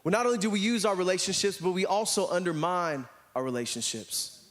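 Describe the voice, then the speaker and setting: An American pastor with a high, fairly quick voice preaches a sermon to his church. He tells animated stories and acts out the voices of the people in them.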